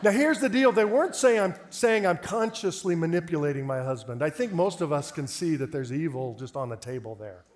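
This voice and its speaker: A man preaching a storytelling sermon, lively and acting out the voices of people he quotes. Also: a little high, a little fast, hardly any pauses. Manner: animated, acts out quoted voices. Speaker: pastor.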